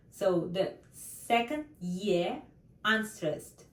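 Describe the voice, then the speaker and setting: A woman with a Russian accent teaches pronunciation at a very slow, deliberate pace, leaning hard on key words. Her pitch rises and falls widely as she models each example. She sits a little away from the mic in a room with a noticeable echo. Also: animated, a bit bright. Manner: slow, careful, emphatic, with non-native English grammar slips. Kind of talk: online grammar lesson.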